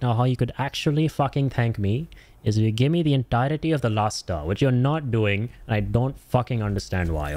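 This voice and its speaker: A young adult man streaming a game, chatting casually, animated and joking, with casual swearing. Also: medium pitch, no echo. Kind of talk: casual gameplay commentary.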